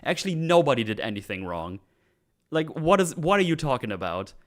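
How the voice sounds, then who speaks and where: A man hosting a casual gaming chat, retelling game scenes with animated, acted-out voices. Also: a little high, brisk. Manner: animated storytelling, acts out game characters. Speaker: podcast host.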